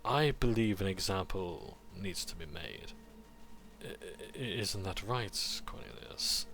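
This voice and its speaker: Man voicing a menacing priest villain, slow and deliberate, low voice. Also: lively intonation, a bit bright, a little hiss or hum, full character voice. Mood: cold menace. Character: cold, cruel middle-aged male priest villain.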